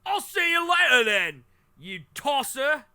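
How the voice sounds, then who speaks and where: Streamer doing a shouty fake-British man, high and shrill, very lively, dry close sound. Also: a little slow, no echo, full character voice. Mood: mocking. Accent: exaggerated fake British.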